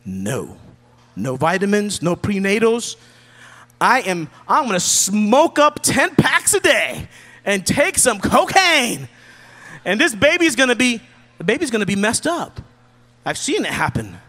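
A man preaching a sermon from the pulpit in a relaxed, joking, conversational way. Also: high voice, a little slow, big-room sound. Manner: casual, joking preacher who acts out quotes. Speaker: pastor.

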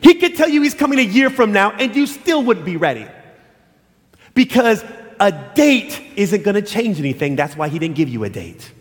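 A middle-aged man preaching a sermon as pastor, telling stories and acting out quotes in shifting voices. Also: moderate pace. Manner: animated, acts out quotes in high and low voices. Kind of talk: sermon with storytelling. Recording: long hall reverb.

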